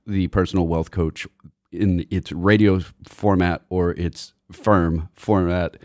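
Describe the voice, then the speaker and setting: A man's voice: low-pitched, fairly even intonation, a little slow, a little mellow, no room sound, clean studio sound. A young man co-hosting a finance radio show, joking and rambling with lots of ums. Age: young adult. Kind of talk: comedic finance radio chat.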